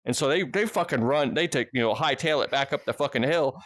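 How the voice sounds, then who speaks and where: A man spins a rambling story in a casual podcast conversation, peppering nearly every sentence with swearing and restarting his thoughts. His voice sits in a middle pitch, and the recording is dry and close with no room sound. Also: a little fast, a bit bright, no room sound. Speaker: podcast guest or host.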